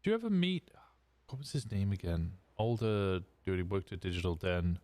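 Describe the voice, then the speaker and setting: This is a man playing an inquisitive character in a role-play game. He probes with hesitant questions and stumbles over his words. The voice is low, and the recording is dry. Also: animated, normal speed, dark tone, dry recording. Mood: curious. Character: curious man asking about a stranger.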